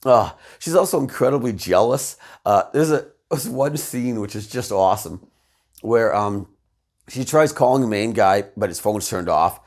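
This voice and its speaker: A man's voice: fairly low pitch, lively intonation, normal speed. A man commentating casually, retelling a story with laughs and rambling asides. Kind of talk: casual video essay retelling.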